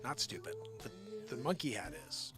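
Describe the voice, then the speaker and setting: A man's voice: on the high side, wildly swooping pitch, normal speed, over music. A man hosting a live show and rambling jokily, often sliding into impressions. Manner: rambling, jokey, slips into impressions. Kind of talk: improvised comedic livestream rambling.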